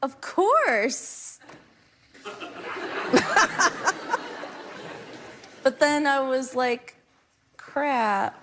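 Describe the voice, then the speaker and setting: A woman's voice: sits high, sing-song, drawn-out words, long pauses, background noise. A woman guest on a TV talk show, earnestly gushing about her fiancé and laughing easily.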